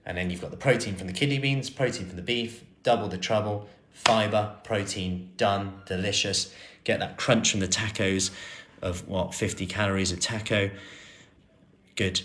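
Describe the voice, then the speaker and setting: A man in his thirties, a personal trainer chatting through viewer questions on a live stream, relaxed with plenty of fillers and restarts. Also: on the low side, moderate pace.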